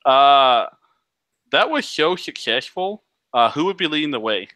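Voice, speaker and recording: A man's voice: mid-range voice, lively intonation, unhurried, bright, forceful tone, no echo. A man running a tabletop game as game master, narrating casually with many fillers and laughs.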